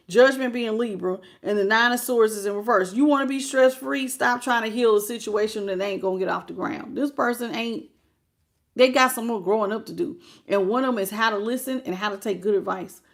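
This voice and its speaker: Blunt, chatty woman tarot reader. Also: on the high side. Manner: blunt, colloquial, chatty with viewers. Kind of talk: casual tarot reading.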